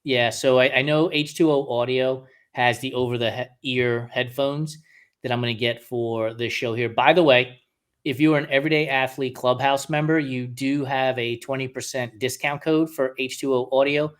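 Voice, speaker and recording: A man's voice: mid-range voice, moderate pace, clear, resonant tone. Laughing, easygoing middle-aged male podcast host. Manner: animated, laughs often, reads listener picks aloud. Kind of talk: casual chat.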